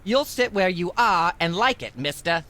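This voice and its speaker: A woman's voice: on the low side, lively intonation, moderate pace, a bit bright. A woman voicing a bossy, prim middle-aged talk show host in a video game. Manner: prim, scolding, droning on. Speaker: game character.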